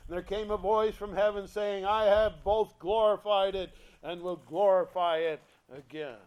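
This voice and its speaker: A man preaching a sermon, reading scripture emphatically and swinging between hushed, quiet lines and loud, stirring ones. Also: high-pitched, fairly even intonation. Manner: slow, deliberate delivery with emphatic scripture reading.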